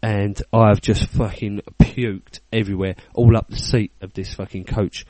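A man's voice: on the low side, steady tone, measured pace, mellow, no echo. A British man in his thirties telling a funny story on a casual podcast, swearing freely and acting out the people in it. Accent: British English. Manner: swearing, laughing storyteller, acts out quotes. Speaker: podcast co-host.

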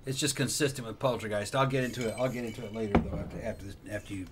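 A quick-talking man with a lowish voice, dropping short, profane remarks into a casual podcast chat. Faint noise hums under his voice. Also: steady tone. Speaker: podcast co-host.

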